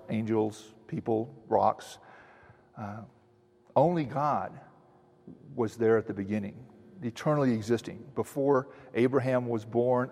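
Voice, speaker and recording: Male pastor, mid-pitched voice, earnest expository preaching, long hall reverb. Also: a little mellow. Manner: earnest teaching, with frequent restarts and slow emphatic quotes. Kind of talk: expository sermon.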